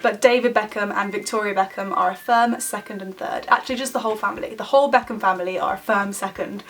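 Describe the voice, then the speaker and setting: A woman's voice: mid-range voice, fairly even intonation, fast talker, a bit bright, soft background music. A young woman with a British accent chatting casually through a question tag for her vlog, giggly and talkative with lots of fillers. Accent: British English. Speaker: vlogger. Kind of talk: casual chat answering a tag video.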